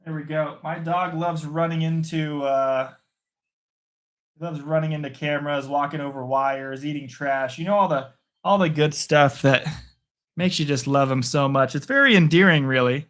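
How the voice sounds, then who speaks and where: A man's voice: on the high side, moderate pace, a bit bright. Chatty man streaming live play-by-play. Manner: chatty, rambling, talks to viewers. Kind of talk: casual live play-by-play and chat. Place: at home. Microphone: phone propped on a picture frame.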